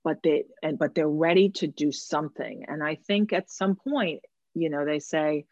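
A woman's voice: low-pitched, moderate pace, a little mellow, dry recording, lo-fi sound. A woman who coaches women, speaking earnestly and reflectively in a conversation, often repeating words as she talks.

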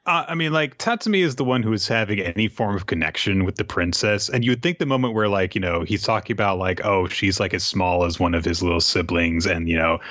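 Low-voiced man on a dull, dry mic. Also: fairly bright tone, dry recording. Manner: dry, summarizing plot, mocking voices in quotes. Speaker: podcast co-host. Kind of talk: casual chat reviewing manga.

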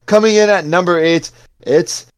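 A man's voice: high voice, normal speed, clean tone. A man co-hosting a sports podcast, reading a crude joking countdown in a mock-announcer way. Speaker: podcast co-host.

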